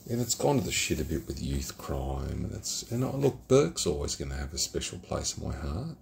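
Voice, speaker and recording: A middle-aged man with an Australian accent, his voice very deep and gravelly. He rambles casually and drifts into reflection, cursing freely. Faint night noise sits behind him. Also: sing-song, normal speed, darkish tone. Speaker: beer reviewer. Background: geckos and night ambience.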